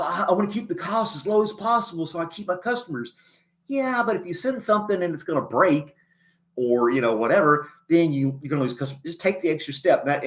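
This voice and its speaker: A man hosting a casual livestream chat, rambling in a folksy way and chuckling often, a little choked up and clearing his throat. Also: medium pitch. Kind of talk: casual chat reading a live chat.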